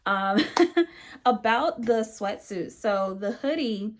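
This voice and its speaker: A woman vlogger with a highish voice talks slowly and casually to the camera about her sewing projects. Friendly and chatty, she uses lots of fillers and says "y'all" and "you guys."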